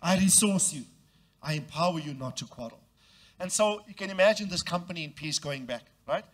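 Preaching with animation and a slightly fast pace, a pastor has his congregation repeat phrases after him. He voices the people in the story, jumping widely in pitch.

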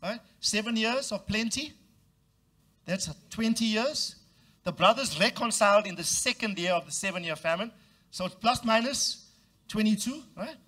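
A man's voice: moderate pace, pushed and bright. A man preaching a sermon, leading his congregation to repeat phrases and acting out the voices of the people in the story. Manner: acts out quoted voices with big jumps in pitch. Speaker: pastor.

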